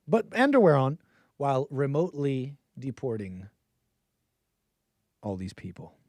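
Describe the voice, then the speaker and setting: Laughing, rambling call-in show host. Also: male voice, medium pitch, a little mellow, dry recording. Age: adult with a child. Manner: rambling, joking, laughs often mid-sentence. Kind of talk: casual livestream commentary.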